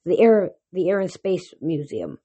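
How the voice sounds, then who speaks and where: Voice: mid-range voice, sing-song, measured pace, warm tone, husky. A reader voicing an irritable, impatient young man who is a scarred villain, in an audiobook reading. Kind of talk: audiobook character voice.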